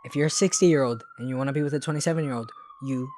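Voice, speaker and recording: A man co-hosting a casual podcast chat, talking in an animated, expressive way with playful exclamations. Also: mid-range voice, racing, slight background noise. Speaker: podcast co-host.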